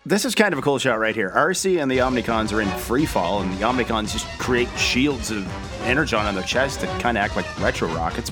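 A man co-hosting a podcast, recapping a cartoon episode with wry jokes and laughs between lines. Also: mid-range voice. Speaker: podcast co-host. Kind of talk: casual recap chat.

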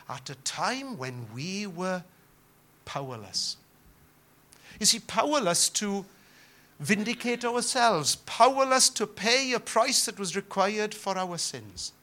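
A man preaching a sermon, swelling loud and then dropping to a hush. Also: sits high. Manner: dramatic, swells loud then drops to hushed. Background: guitar music.

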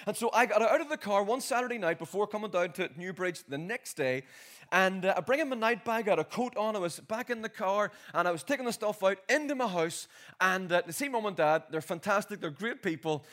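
A man's voice: high voice, animated, a little fast, fairly bright tone. A Northern Irish man in his forties preaching a sermon, telling a homely story and building up into rousing exhortation. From Northern Ireland. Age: 40s.

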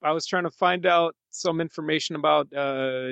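A man's voice: fairly high pitch, normal speed, creaky, fairly bright tone, smooth, no echo. A man co-hosting a podcast, chatting casually about a film with lots of fillers and easy laughs. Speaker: podcast co-host.

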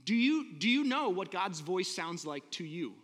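Bright-voiced man preaching in a hall. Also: high-pitched, sing-song, moderate pace. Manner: conversational, earnest, asks rhetorical questions. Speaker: pastor. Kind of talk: sermon.

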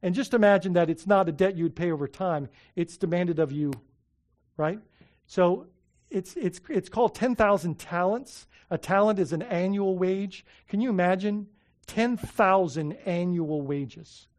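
A pastor with a high-pitched voice preaches a sermon at a measured pace. He is animated, repeats himself often, and poses rhetorical questions, shifting between loud emphasis and soft, heartfelt asides.

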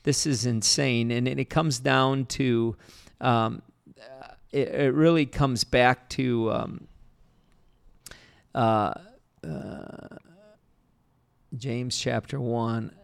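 Gravelly man teaching with earnest restarts. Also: medium pitch, steady tone, very slow, pauses often. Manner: earnest, repetitive, many restarts. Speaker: pastor. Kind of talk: conversational teaching.

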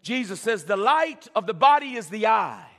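A man preaches with a high, bright voice that leaps around in pitch, stammering through repeated words and calling on the congregation to answer. His sermon rings out through a reverberant church hall. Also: animated, normal speed. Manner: preaching with frequent stammered repeats and call-and-response. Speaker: pastor. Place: church sanctuary.

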